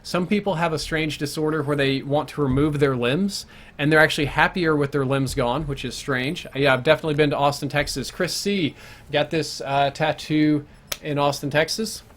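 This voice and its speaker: A man's voice: on the high side, steady tone, moderate pace, fairly bright tone. A young man chatting casually while live-streaming a game, thinking aloud and answering viewers' questions between plays. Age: young adult. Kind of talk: live gameplay commentary chat.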